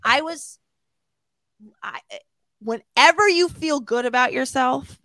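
A woman telling a self-mocking story as an interview guest, animated and laughing often. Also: high voice, takes it slowly, no echo.

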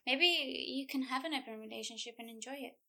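A young woman guesting on a podcast in casual chat, giving calm, reassuring advice. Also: high-pitched, brisk, creaky.

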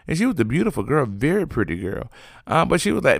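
A man giving a sassy, chatty recap of reality TV gossip, animated and full of fillers, yawning now and then. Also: mid-range voice, fast talker, creaky, no room sound, clean studio sound. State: sleepy, yawning.

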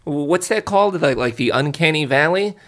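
A man's voice: on the high side, lively intonation, normal speed, fairly bright tone. A man joining a casual film podcast as a guest, enthusiastic, swearing casually and restarting his sentences.

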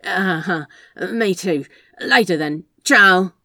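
A woman's voice: on the low side, slow pace, bright, forceful tone, no echo, clean studio sound, exaggerated voice. A woman voicing a laid-back, teasing male demon with a casual, drawling manner in an audiobook reading. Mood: awkward.

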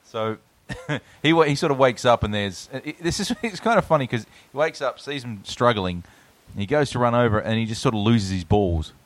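A man's voice: mid-range voice, animated, moderate pace, no echo. A man recapping a film in casual chat, hesitating and laughing as he tells it. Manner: laughs through his storytelling, hesitant. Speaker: podcast co-host.

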